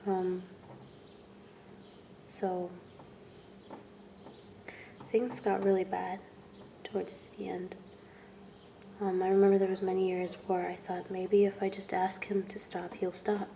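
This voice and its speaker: Soft-spoken, halting young woman. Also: medium pitch, flat delivery, vocal fry, slight background noise. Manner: halting and soft, with long pauses and trailing whispers. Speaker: vlogger. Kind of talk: personal testimony vlog.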